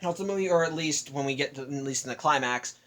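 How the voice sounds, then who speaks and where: A man's voice: on the high side, quick pace, fairly bright tone. A young man casually recapping a film, rambling with frequent restarts and self-corrections.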